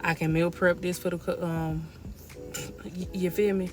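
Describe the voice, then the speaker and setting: A woman's voice: fairly low pitch, flat delivery, measured pace, music in the background. A woman vlogging from her parked car in a loose, rambling way, with a habit of repeating "like I said.". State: out of breath. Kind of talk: casual talk to camera.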